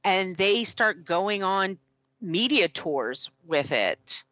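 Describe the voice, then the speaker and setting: A woman's voice: medium pitch, expressive, slow, fairly bright tone, dry recording, muffled recording. A woman co-hosting a podcast, telling stories about an old movie in casual, enthusiastic chat with some swearing. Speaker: podcast co-host.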